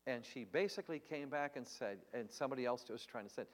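A man's voice: medium pitch, lively intonation, fast, in a large hall. A man preaching in an earnest, emphatic way, teaching Bible answers on a live stream and asking rhetorical questions.

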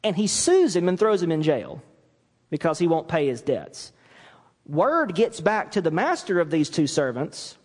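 A man preaching from the pulpit in a slightly high, very lively voice that rises and falls as he drives each point home. He slips into little acted-out apologies to make his case. The sound carries the long reverb of a church hall. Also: measured pace. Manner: animated preaching, acts out quoted apologies. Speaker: pastor. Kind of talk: sermon. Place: church sanctuary.

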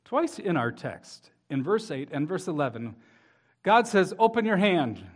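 A man with a high voice preaches a sermon. He reads passages of scripture aloud and presses his points home with building emphasis. At times he turns to speak to the children in the congregation. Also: sing-song, measured pace. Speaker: pastor.

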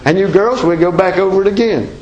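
A man's voice: high voice, brisk, a little mellow, lo-fi sound. A man with a Southern American accent preaching a sermon as pastor, folksy and emphatic, full of rhetorical questions.

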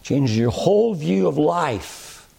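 A preacher delivers a sermon in a gravelly, slightly husky voice that sits a little high for a man. He builds his points with rising, emphatic cadences. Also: sing-song, slow pace, dark tone. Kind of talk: expository sermon.

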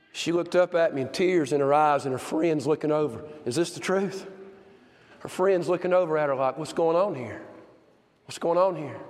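A man preaching a sermon, telling stories with passion and swinging from shouts to hushed tones. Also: on the high side. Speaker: pastor. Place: church sanctuary. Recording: long hall reverb.

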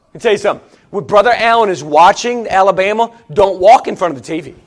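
A middle-aged man preaching a sermon as pastor. He swings from hushed asides to shouted, emphatic refrains. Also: high-pitched, fast.

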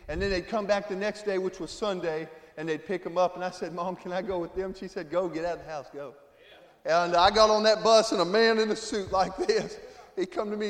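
High-voiced preacher in an echoing church. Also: male voice. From Florida, USA. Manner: emotional, swings from hushed to loud exclaiming. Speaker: guest preacher. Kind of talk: testimony sermon. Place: church sanctuary. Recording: echoey church hall, long reverb.

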